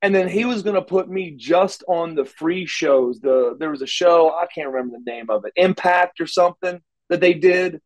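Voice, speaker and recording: A man telling wrestling stories in a casual interview, animated and acting out quotes, stumbling over repeated words. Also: on the high side, moderate pace, few pauses, poor audio. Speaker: wrestler guest.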